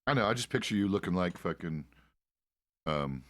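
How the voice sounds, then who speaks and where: A man's voice: deep voice, expressive, moderate pace, fairly bright tone, no echo, studio quality. A middle-aged man chatting casually while role-playing a frontier deputy, rambling and swearing with many restarts. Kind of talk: casual role-play chat.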